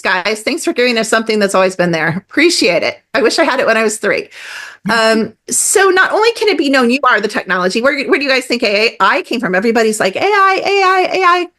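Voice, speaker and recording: A middle-aged woman talking as a guest on a podcast, animated and emphatic, with many fillers and acted-out quotes. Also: fairly high pitch, fast talker. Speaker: guest energy healer. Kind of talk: casual podcast conversation.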